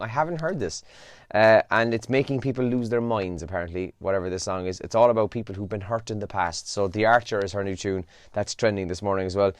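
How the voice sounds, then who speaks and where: A man's voice: on the low side, dry recording, studio quality. A young man hosting a breakfast radio show alone. He runs through the weather and the morning papers in a casual, chatty way, tired and yawning. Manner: casual and chatty, with yawns and asides. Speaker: radio host. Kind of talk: solo breakfast show, reading newspaper headlines.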